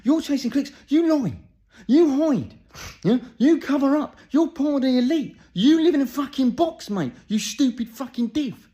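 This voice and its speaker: A comedian doing an angry, swearing impression of an English public figure, with an English accent, ranting and barking "huh?" between lines. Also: male voice, very high voice, expressive, normal speed, warm tone, lo-fi sound.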